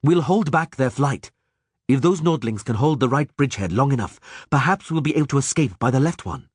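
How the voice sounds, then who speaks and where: A man's voice: medium pitch, expressive, brisk, slightly rough, no room sound, clean studio sound, pitched above the performer's own voice. A man voicing a fierce male officer who barks orders and roars at fleeing soldiers. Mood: urgent. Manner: barking orders, roaring.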